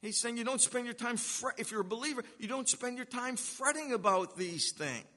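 A man preaching a sermon, earnest and emphatic, slowing down to stress key words. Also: extremely high pitch, pushed and bright. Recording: long reverb of a hall.

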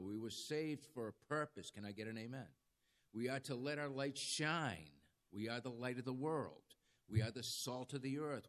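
Jail-ministry preacher, man, mid-pitched, folksy storyteller who keeps asking for amens. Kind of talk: conversational sermon.

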